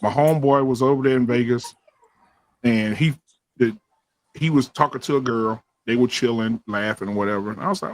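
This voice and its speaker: A man telling a profane story in casual chat, acting out quotes loudly. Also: mid-range voice, moderate pace, no room sound. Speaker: podcast co-host.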